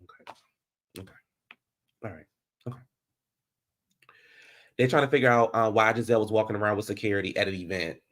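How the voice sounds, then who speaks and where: A man with a lowish voice casually recaps a reality TV episode, brisk but with long pauses. Sassy and animated, he jumps between loud outbursts and muttered asides.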